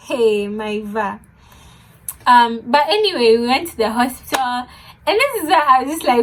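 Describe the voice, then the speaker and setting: A young woman telling a funny story, animated, laughing often and mixing in Swahili words. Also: on the high side, moderate pace. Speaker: vlogger. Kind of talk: casual storytime.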